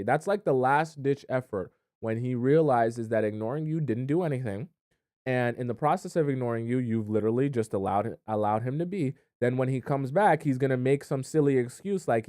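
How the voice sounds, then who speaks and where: A man's voice: medium pitch, a little mellow, dry recording. A dating coach talks straight to the listener in a casual, direct way and keeps checking they follow. His voice sits in an ordinary middle range. The recording is dry and close, with no room sound. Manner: conversational, keeps checking in with "okay?" and "right?". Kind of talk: direct-to-camera advice monologue.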